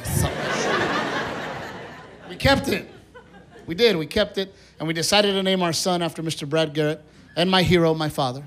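High-voiced man telling stand-up stories. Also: moderate pace, pauses often. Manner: animated storytelling, acting out quoted voices. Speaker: stand-up comedian. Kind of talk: stand-up comedy set. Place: comedy theater stage with live audience. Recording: live stage recording with crowd noise. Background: audience laughter and applause.

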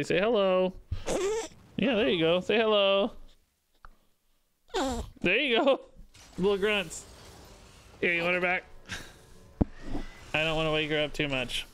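A man's voice: a little slow, pauses often, fairly bright tone, a little hiss or hum. A man streaming a card game live, chatting casually and cooing in baby talk between his commentary on the game. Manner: bouncy, sing-song pitch jumps.

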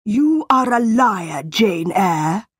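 Woman doing a slow, cruel schoolmaster. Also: mid-range voice, animated, husky, no echo, clean studio sound, full character voice. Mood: stern. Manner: slow, preaching, threatening. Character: stern, cruel tall male school owner.

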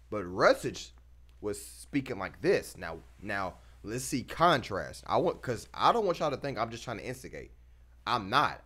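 A man hosting a reaction video, talking casually in slang and pressing his points with emphasis. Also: on the low side. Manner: animated, emphatic, slangy, laughs between points.

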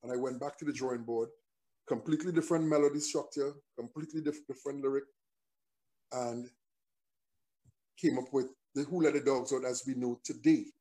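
A man, a songwriter and performer, telling a story in a relaxed conversational interview, often restarting his phrases as he thinks. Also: medium pitch, fairly quick, long pauses.

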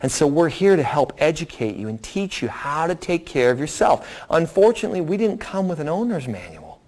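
A middle-aged man, a doctor, explains a program to a seminar audience and answers their questions in a lively, folksy way, acting out quotes. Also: on the high side, fairly quick. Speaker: doctor presenting a weight loss program.

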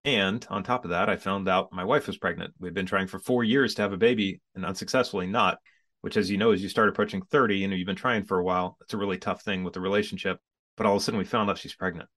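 A man in his forties with a lowish voice tells his story as a podcast guest. He speaks casually and with energy, and now and then acts out how he reacted back then. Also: fast talker. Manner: animated storyteller who acts out his own past reactions. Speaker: podcast guest, business coach.

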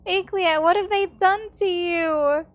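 A woman voicing a bossy little girl who dotes on her doll, in a sweet, fussing, higher voice. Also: takes it slowly. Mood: doting.

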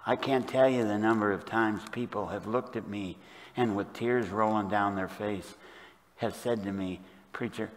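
An older man preaching a sermon as pastor, moving from hushed, quiet passages to loud, emphatic ones. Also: on the low side, steady tone, moderate pace. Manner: dynamic, swings from hushed to loud emphatic delivery. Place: church sanctuary. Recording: long church reverb.

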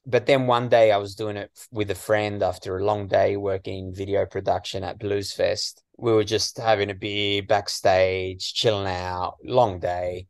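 An Australian man from western Sydney, a comedian guest in a casual interview, chatty and full of "you know"s and lively asides. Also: on the low side, a little slow, hardly any pauses, no room sound, clean studio sound.

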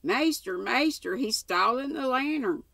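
A woman voicing a cranky, ancient male farm servant who shouts shrilly in broad dialect. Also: on the low side, very animated, measured pace, no echo. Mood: agitated shouting.

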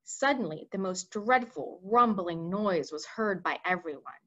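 A woman reading a children's book aloud with expressive storytelling. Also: lowish voice, measured pace, dull audio. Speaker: reader.

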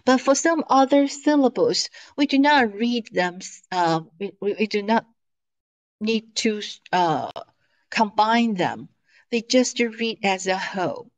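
Slow patient woman teaching sounds. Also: mid-range voice, expressive, low-quality recording. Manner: slow, patient, with drawn-out modeled syllables. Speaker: Mandarin teacher. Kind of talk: online language lesson.

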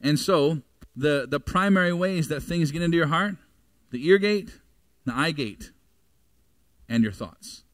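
Man, forties, church pastor, higher-pitched, dry close sound, chatty sermon with questions to the room. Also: expressive, unhurried, a bit bright, no room sound. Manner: conversational preaching, asks the congregation questions. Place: church sanctuary.

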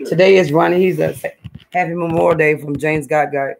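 Record as a gravelly woman rambling to viewers. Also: deep voice, fairly even intonation, a little fast, darkish tone, a little hiss or hum. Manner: rambling, chatty, calls viewers y'all. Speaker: vlogger. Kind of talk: casual chat to viewers. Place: at home on a hot day.

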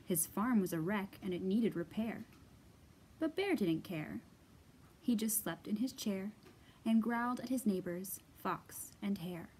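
Slow, expressive woman reading storytime. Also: mid-range voice, slight background noise. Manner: expressive, sing-song storyteller delivery. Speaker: children's librarian. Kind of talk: storytime read-aloud.

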